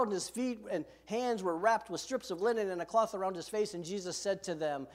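A man's voice: high voice, animated, moderate pace, darkish tone. A man preaching a sermon as pastor from a podium, earnest and emphatic, asking his listeners direct questions. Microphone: podium microphone.

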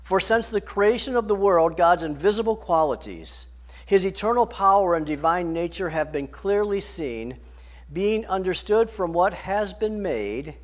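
High-voiced man preaching a sermon. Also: expressive, a little slow. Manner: emphatic preaching with swings in loudness and pace. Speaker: pastor.

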